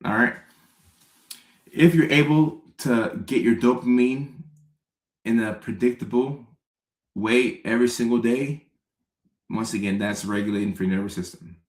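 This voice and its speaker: A man's voice: medium pitch, measured pace, pauses often. A man hosting his own show, talking casually to his audience in a rambling way, repeating himself and making self-mocking asides. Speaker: show host. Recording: roomy echoey room.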